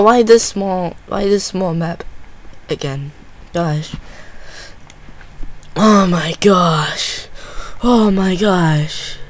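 A man giving excitable live gameplay commentary, full of gasps and repeated exclamations. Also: high voice. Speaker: gaming channel host.

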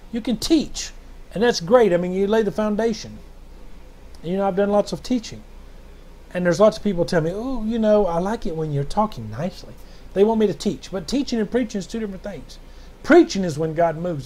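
Male preacher from the States, high-pitched, mellow tone, rambling, then fervent bursts; jet-lagged. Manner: rambling, fervent, rising to emphatic bursts on scripture. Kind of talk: informal video sermon.

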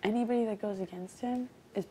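A woman's voice: medium pitch, quick pace, noisy background. A woman, a reality show contestant, chatting casually in a blunt, slangy way. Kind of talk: casual chat.

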